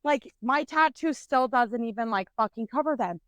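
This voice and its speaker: A young woman co-hosting a podcast, telling a story in a blunt, animated way and swearing constantly. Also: on the high side, moderate pace, dry recording. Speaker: podcast co-host.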